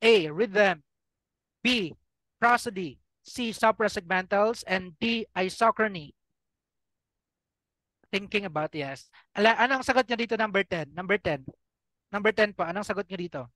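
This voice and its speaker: A man's voice: high voice, moderate pace, long pauses, sharp tone, no room sound, rough recording. A man with a Filipino accent teaching an online review class for an exam, quizzing his students and switching between Tagalog and English.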